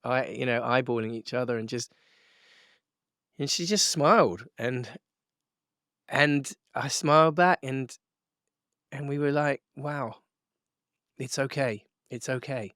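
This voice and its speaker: A middle-aged man recounts a story as a podcast guest, laughing often and tripping over fillers and restarts. His voice sits at an ordinary pitch for a man. The sound is close and dry, with no room around it. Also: a little slow, pauses often, a bit bright, smooth, no echo. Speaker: guest musician.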